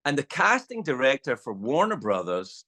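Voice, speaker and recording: A middle-aged Scottish man spinning an anecdote with a lively voice that swoops up and down as he acts out the other people in it. His pitch sits in an ordinary middle register, and he talks loosely, swearing often, like a guest in relaxed conversation. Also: normal speed. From Scotland. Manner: animated storyteller, acts out quotes, swears freely. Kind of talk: casual storytelling chat.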